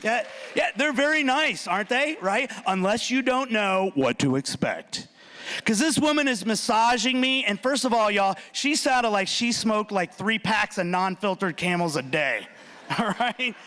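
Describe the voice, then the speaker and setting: A man performing a stand-up comedy routine, animated and punchy, talking straight to the audience with quick asides. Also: sits high. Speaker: student speaker. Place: large hall.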